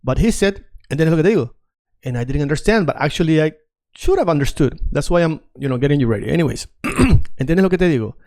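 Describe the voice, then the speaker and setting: Guy teaching online, kinda high voice, rambles and repeats stuff. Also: animated, quick pace, darkish tone. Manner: chatty, digresses, repeats phrases while writing on screen. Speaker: Spanish teacher. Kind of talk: casual online language lesson.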